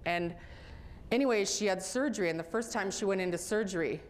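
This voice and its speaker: A woman's voice: mid-range voice, brisk, a little hiss or hum. Middle-aged woman telling a personal story. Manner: animated, laughing while telling stories. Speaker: speaker.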